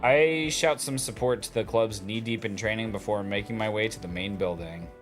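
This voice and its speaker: A man's voice: fairly low pitch, moderate pace, soft background music. A man streaming a visual novel, chatting casually and reading the narration aloud.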